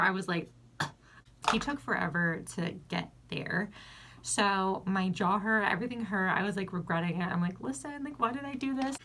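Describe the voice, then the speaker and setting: A woman's voice: medium pitch, gravelly, a bit bright, a little hiss or hum. A young woman telling a frank, casual storytime vlog, talking bluntly and filling her sentences with "like". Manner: chatty, filler-heavy with constant "like". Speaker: vlogger. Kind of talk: casual get-ready-with-me storytime.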